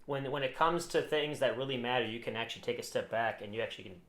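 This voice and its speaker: A man's voice: medium pitch, fast talker. Rambling man in an echoey room. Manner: rambling, restarts often, animated when laughing. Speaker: podcast co-host. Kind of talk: casual chat.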